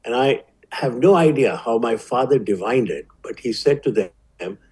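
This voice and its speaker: A man in his seventies with an Indian accent, a physician telling his life story as a guest in an interview, measured and vivid. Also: mid-range voice, animated, darkish tone, slightly rough, poor audio. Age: 70s.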